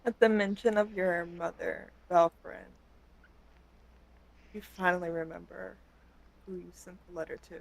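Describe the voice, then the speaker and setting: A woman narrating as game master in a tabletop game, slow and deliberate. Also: fairly low pitch, fairly even intonation, gravelly, low-quality recording.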